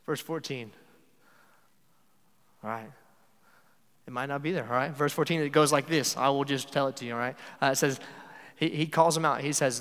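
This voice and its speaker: A man's voice: fairly high pitch, normal speed, fairly bright tone, in a large hall. A man preaching a sermon in a conversational way, often acting out the lines he quotes.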